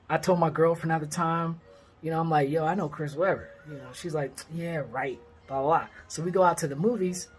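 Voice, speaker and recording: A man in his thirties from the Sacramento area of California, casually telling a personal story with lots of fillers and lively quoted dialogue. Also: fairly high pitch. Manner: rambling, heavy on fillers, lively when quoting others. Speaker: vlogger.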